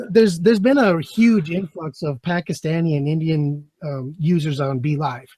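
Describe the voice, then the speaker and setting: High-voiced profane man. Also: a little slow, mellow, no room sound, clean studio sound. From United States. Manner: profane, laughing storyteller. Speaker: podcast guest and former soldier. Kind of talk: casual chat.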